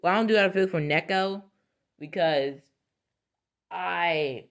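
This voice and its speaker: In a slow, fairly low-pitched voice, a female video creator talks casually to her audience on camera, wandering off topic, fixing her own words, and laughing frequently.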